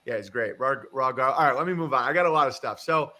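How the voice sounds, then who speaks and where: Rambling, bright-voiced male streamer. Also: medium pitch, fast talker. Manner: rambling, chuckling, swears casually. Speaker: livestream host. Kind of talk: casual chat.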